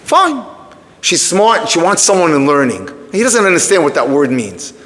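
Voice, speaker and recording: A man teaching through a story to a live audience, animated, breaking off to speak to the room. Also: a little high, normal speed. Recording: long reverb of a hall.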